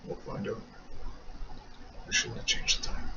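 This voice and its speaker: A sim racing video creator gives rambling, wry, self-mocking commentary over a racing game in casual gameplay talk. His voice is a little slow, bright, and forceful, captured on a dull lo-fi mic with faint noise.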